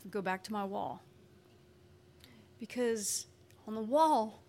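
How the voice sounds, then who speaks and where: A woman telling an emotional personal testimony, animated and expressive, acting out what people said. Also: a little high, unhurried, vocal fry, long pauses. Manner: animated, expressive, acts out quotes. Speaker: speaker sharing a personal testimony.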